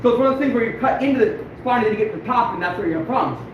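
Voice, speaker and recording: A man's voice: extremely high pitch, expressive, rapid-fire, highs cut off. A man, a fur trapper, chatting casually to viewers as he works, swearing often and grumbling at himself. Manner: frustrated and self-deprecating. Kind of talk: casual live-stream demonstration. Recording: echoey room, mic far off, background noise.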